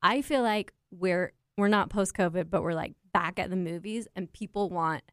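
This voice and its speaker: A woman co-hosting a podcast, chatting casually and wryly about films in an animated way. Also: lowish voice, moderate pace, smooth, no room sound, studio quality. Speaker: podcast co-host. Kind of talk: casual film review chat.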